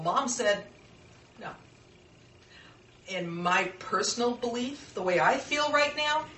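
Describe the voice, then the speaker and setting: A woman's voice: medium pitch, fairly bright tone, slight background noise. A middle-aged woman giving an informal workshop talk, earnest and conversational, with personal stories. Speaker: workshop presenter. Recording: echoey room, mic far off.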